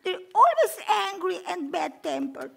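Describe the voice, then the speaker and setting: A tiny, wide-eyed little girl in a children's puppet show, her voice squeaking up very high. She talks slowly and stretches her words, full of gasps and exclamations. She sounds earnest and childlike throughout. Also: very animated, creaky, sharp tone, heavily acted. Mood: mock angry. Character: excitable little girl Poppy hunting her lost ball. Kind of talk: live children's puppet theatre.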